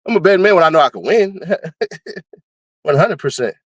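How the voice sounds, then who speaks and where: A man's voice: moderate pace, dry recording. Man riffing in a casual vlog. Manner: animated, laughs often, breaks into high-pitched screaming bits. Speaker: commentary host.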